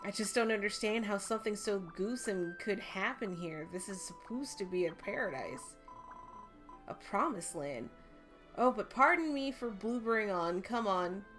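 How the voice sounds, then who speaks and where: A woman's voice: mid-range voice, animated, moderate pace, a bit bright, faint music behind, lightly acted. A woman voicing a cheerful, chatty small slime creature in a video game, bubbly and apologetic as she reads its lines. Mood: worried.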